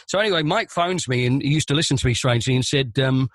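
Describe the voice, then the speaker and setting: A man, a stadium announcer, telling a long anecdote on a podcast in a lively, animated way, acting out the voices in his story. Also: on the high side, quick pace, hardly any pauses, no room sound, clean studio sound.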